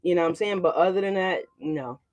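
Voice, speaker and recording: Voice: mid-range voice, quick pace. A tarot reader in casual livestream chat, blunt and profane, ranting and constantly checking in with the audience. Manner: blunt and profane, with frequent "you know what I'm saying"; ranting, with swings of loudness.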